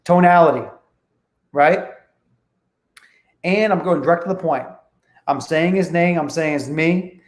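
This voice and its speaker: A man's voice: fairly high pitch, measured pace, long pauses, roomy sound. A man coaching sales calls in an online training talk, emphatic, often checking in with his listeners. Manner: emphatic, keeps checking in with "okay?". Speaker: real estate investing coach.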